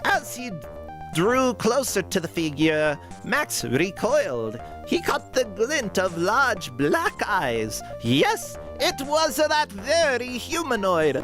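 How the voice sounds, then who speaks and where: A man's voice: sits high, big pitch swings, slow pace, over music, full character voice, rough recording. A man putting on a mock generic European accent to read a game walkthrough as a dramatic sci-fi story. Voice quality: hammy, theatrical. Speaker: commentator reading a game walkthrough.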